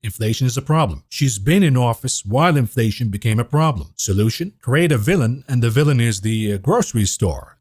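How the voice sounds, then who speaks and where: A man's voice: medium pitch, animated, a little fast, few pauses, a little mellow, breathy edge, no echo. A man hosting a solo market commentary, opinionated and sarcastic, with frequent emphatic asides. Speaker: finance commentator.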